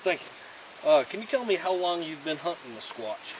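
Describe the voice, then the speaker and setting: A man playing an earnest, deadpan male TV field reporter in an improvised comedy, recorded outdoors. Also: fairly high pitch, normal speed. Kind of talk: improvised comedy role-play. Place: outdoors in the woods. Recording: outdoor camera audio with background noise.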